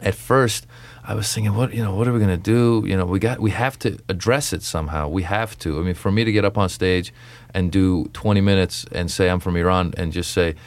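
A young adult man, a comedian guest on a radio interview, speaks in a low, brisk voice. He tells stories with animation and acts out his stand-up jokes.

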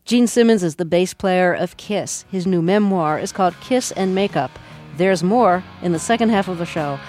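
A woman hosting a radio interview in a studio, asking questions in a calm, measured way. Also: fairly low pitch, faint music behind.

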